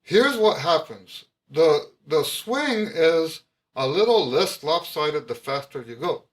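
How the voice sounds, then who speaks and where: Slow, emphatic trumpet teacher, a man. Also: a little high, lively intonation. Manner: emphatic, repeats key points, frequent restarts. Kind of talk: explaining music to camera.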